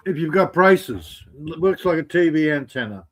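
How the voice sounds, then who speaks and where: A man with a notably high voice joins a casual live stream as co-host. He talks in a teasing, joking way, dropping wry asides as he goes. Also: animated, normal speed, slight background noise.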